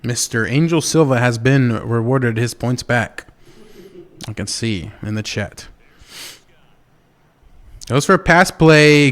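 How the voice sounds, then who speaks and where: A man casting a video game football match, calling plays in a relaxed, chatty way with bursts of excitement. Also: medium pitch. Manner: casual, chatty calls with quick bursts of excitement. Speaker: esports caster. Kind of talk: play-by-play commentary.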